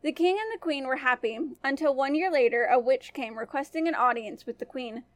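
A woman storyteller narrating a fairy tale for a family-friendly podcast in a gentle manner. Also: high voice, a little fast, no room sound.

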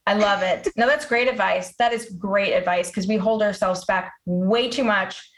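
A woman's voice: medium pitch, normal speed, poor audio. A woman hosting an interview podcast, bubbling with enthusiasm. She praises her guest again and again, leaning into each compliment. Her talk is casual and chatty. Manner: enthusiastic, effusive, repeats praise. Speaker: podcast host.

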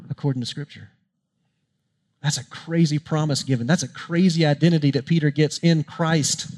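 A man's voice: fairly high pitch, darkish tone, husky. A man preaching a sermon as pastor, impassioned and emphatic, building to strong peaks.

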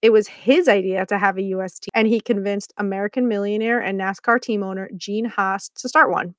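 A woman's voice: mid-range voice, fairly even intonation, brisk, no echo. A woman hosting a podcast, recapping a series episode in a chatty, playful way with sarcastic asides. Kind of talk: casual scripted commentary.

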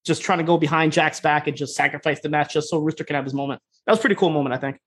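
A man's voice: on the high side, steady tone, rapid-fire, slightly rough. A man co-hosting a podcast, recapping episodes in a rambling, casual way, swearing freely and acting out the characters' lines. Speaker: podcast co-host.

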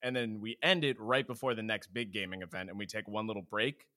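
A man's voice: lowish voice, steady tone, brisk, bright, forceful tone, no echo. A man guesting on a podcast, explaining things in a matter-of-fact way with dry humor. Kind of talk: casual chat.

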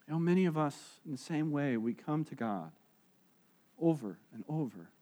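High-voiced preacher with lively storytelling. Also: male voice. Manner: animated storytelling, acting out quoted voices; drops soft and slow on key phrases. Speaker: pastor. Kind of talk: sermon.

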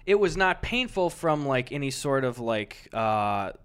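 A man's voice: mid-range voice, big pitch swings, a little slow, a bit bright, clean tone. A young man co-hosting a podcast in casual chat, laid-back and crude with dry jokes. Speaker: podcast co-host.

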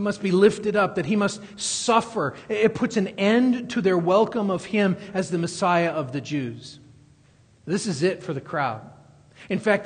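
Male preacher, higher-pitched and husky, emphatic and repetitive, big echoing hall. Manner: emphatic, repeating key phrases and building intensity. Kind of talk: expository sermon. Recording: long reverb of a large hall.

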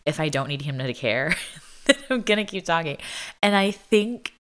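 A woman's voice: sits low, expressive, a little fast, a bit bright. A young adult woman vlogging in a casual, chatty way, filling her talk with "like" and laughing often. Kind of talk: casual chat.

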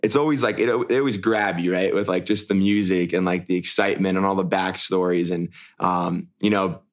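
A man's voice: deep voice, steady tone, fairly quick. A young man co-hosting a casual chat, rambling with many restarts and fillers. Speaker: podcast co-host, former show lead.

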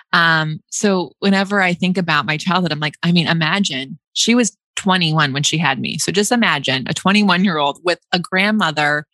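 Host type, young woman, slightly low pitch, dry close sound, chatty with lots of laughs. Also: fairly bright tone, no echo. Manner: chatty, laughs often, many restarts and likes. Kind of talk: casual chat.

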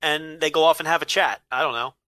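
A man's voice: on the high side, fast, bright, forceful tone, no room sound. A man co-hosting a podcast in casual chat, making wisecracks and sarcastic asides. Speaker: podcast co-host.

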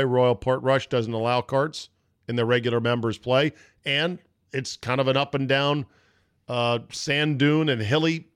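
A man's voice: mid-range voice, dry recording, studio quality. Blunt, sarcastic male sports talk host. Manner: sarcastic, blunt, mocks with put-on quotes. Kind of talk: opinionated sports talk monologue.

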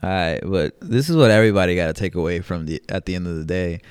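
A man's voice: deep voice, fast, clean tone, dry recording. A young man co-hosting a podcast, chatting casually, joking and swearing and laughing often. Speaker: podcast co-host. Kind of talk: casual chat.

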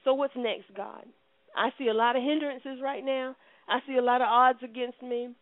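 A woman preaching a sermon with impassioned delivery, swinging from loud declarations to hushed, prayerful tones. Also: sits high, steady tone, moderate pace, no room sound. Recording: tinny phone-like line.

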